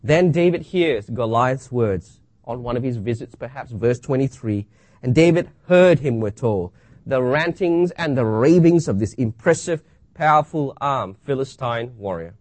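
A man preaching a sermon, reading scripture aloud and asking rhetorical questions with dramatic pauses. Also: mid-range voice, darkish tone, dry recording.

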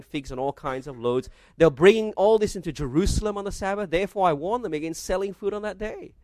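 Pastor, male, slightly high voice, dry close-miked sound, expository sermon with rhetorical asides. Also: no room sound. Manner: expository preaching, reads scripture aloud, asks the congregation rhetorical questions.

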